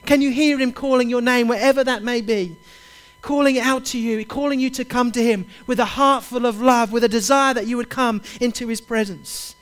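A man's voice: extremely high pitch, fairly even intonation, brisk. A man preaching a sermon, urging his listeners directly and repeating his key phrases with passion. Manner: impassioned, repetitive, urges listeners directly.

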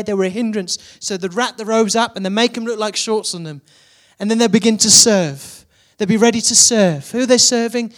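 A man preaching a sermon, building to emphatic repeated questions. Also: high-pitched.

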